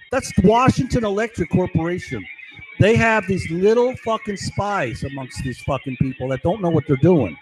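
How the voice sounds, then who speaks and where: An agitated man rants, swearing and shouting insults, and keeps checking in with "right?" and "okay?". His slightly raised voice swings widely in pitch. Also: animated, moderate pace, faint music behind, rough recording. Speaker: vlogger. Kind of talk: angry rant to camera.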